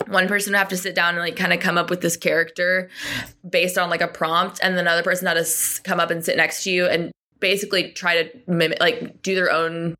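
A woman co-hosting a podcast in casual book chat, bubbly and quick when telling stories. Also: on the low side, level tone, bright, forceful tone. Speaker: podcast co-host.

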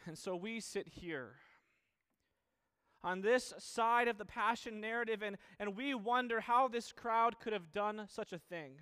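High-voiced earnest male preacher. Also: a bit bright, clean tone. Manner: earnest, repeating questions with restarts and pauses. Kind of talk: sermon.

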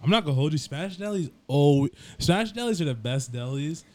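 A young man in casual chat with friends, animated and slangy, often laughing. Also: fairly high pitch, fairly quick.

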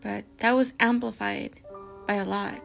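Gravelly young woman reading scary stories. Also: medium pitch, fairly even intonation, unhurried, music in the background. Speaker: podcast host.

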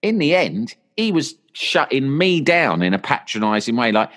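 A man, a podcast guest telling long, animated stories and putting on voices for his friends in quotes. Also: mid-range voice, moderate pace. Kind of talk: casual storytelling.

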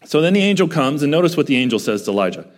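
A man's voice: fairly high pitch, big pitch swings, rapid-fire. A man preaching a sermon, reading scripture aloud and breaking it open with emphatic rhetorical questions. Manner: reads scripture aloud between explanations. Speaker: pastor.

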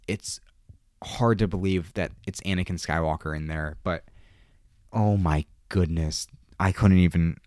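A man giving a casual episode recap in an excitable, emphatic way, often repeating himself for stress. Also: deep voice, clean tone, no room sound, clean studio sound.

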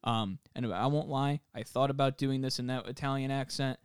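A man's voice: medium pitch, steady tone, moderate pace, clear, resonant tone, no echo, studio quality. A man co-hosting a casual podcast, joking and rambling with frequent fillers. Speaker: podcast co-host.

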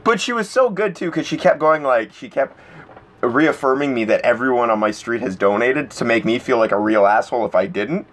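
A man's voice: medium pitch, brisk, slight background noise. A man hosting a casual podcast, telling stories with lots of acted-out quotes and laughter. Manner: animated storytelling, acts out quotes, laughs a lot. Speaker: podcast host.

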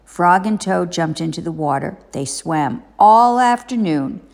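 A woman reading a children's storybook aloud as a parent, expressive and deliberate. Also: on the low side, vocal fry, long reverb tail.

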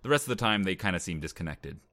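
A man's voice: low voice, animated, fast talker, sharp tone, no room sound, clean studio sound. A young man co-hosting a podcast, recapping a movie in casual chat with wry humor and frequent laughs. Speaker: podcast co-host.

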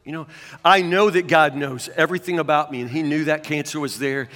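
A man's voice: a little high, steady tone, a little fast, a bit bright, big-room sound. A man preaching a sermon as a pastor, talking conversationally and often stammering into restarts.

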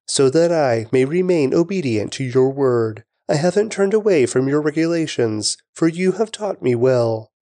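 Man reading scripture in a warm voice. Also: on the high side, dry recording. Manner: measured, reverent reading. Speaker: scripture reader.

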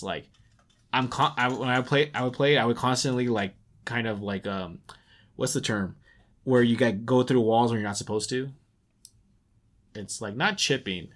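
A man of ordinary pitch talks through video games on a casual podcast, rambling and circling back with constant fillers. He speaks in everyday tones and sometimes swings into a loud announcer voice for segment intros. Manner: rambling, filler-heavy, lots of "like". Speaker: podcast co-host. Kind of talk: casual gaming podcast chat.

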